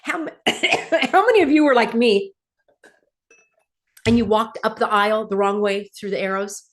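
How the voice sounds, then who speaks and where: A middle-aged woman speaks straight to her viewers, riled up and sarcastic. Her pitch sits in an ordinary middle range, but it keeps leaping up for outraged questions and dropping low for dry asides. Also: moderate pace. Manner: indignant, sarcastic, wide swings between loud outbursts and low asides. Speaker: channel host. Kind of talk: animated opinion vlog.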